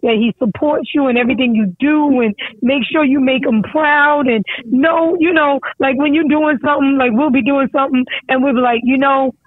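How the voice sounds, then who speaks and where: A middle-aged mother on a phone call, talking in a rambling, halting way with many restarts. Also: high voice, no echo. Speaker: caller, mother of a guest. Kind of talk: emotional phone chat. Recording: tinny phone line, dry.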